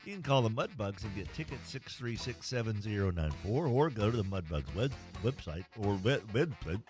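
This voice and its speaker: A man's voice: on the low side, expressive, normal speed, a little mellow, soft background music. A man hosting a morning sports radio show, joking his way through live ad reads. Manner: playful, jokey, mock-whispers and funny voices during ad reads.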